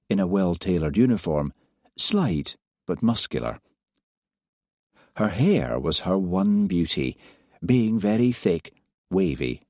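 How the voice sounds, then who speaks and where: A man narrating an audiobook in a measured, even way. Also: low voice, no echo, clean studio sound. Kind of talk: scripted narration.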